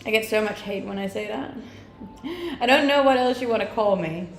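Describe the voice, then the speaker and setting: A woman's voice: a little high, expressive, normal speed, gravelly, soft background music. A young woman from Scandinavia with a mixed English accent that has a Scandinavian tinge, chatting casually on a live stream and answering viewer comments, upbeat and laughing often. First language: a Scandinavian language. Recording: roomy echoing sound.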